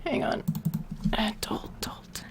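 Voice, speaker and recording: A woman's voice: medium pitch, unhurried, creaky, heavy background noise. A woman on a casual live stream who mutters to herself while she works and answers chat questions. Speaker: voicebank creator streaming.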